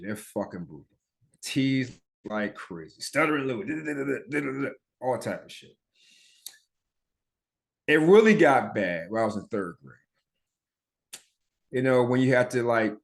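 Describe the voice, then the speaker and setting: A man from Philadelphia hosting a podcast and telling his own story in a blunt, chatty way, with profanity and the occasional stutter or mumbled word. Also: mid-range voice. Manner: stutters and mumbles now and then. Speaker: podcast host. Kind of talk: casual personal storytelling.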